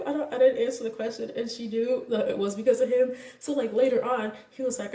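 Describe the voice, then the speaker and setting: A young woman vlogger casually telling a personal story, candid and animated, acting out what people said. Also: on the high side, fairly quick, few pauses, distant mic. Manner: candid, animated retelling with quoted voices and laughs. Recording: echoey room, voice a bit off-mic.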